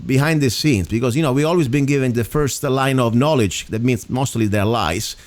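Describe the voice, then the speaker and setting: A man's voice: mid-range voice, fairly quick, a little mellow. A man with an Italian accent hosting a local talk radio show, speaking earnestly and rambling between points. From Italy. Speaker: radio host.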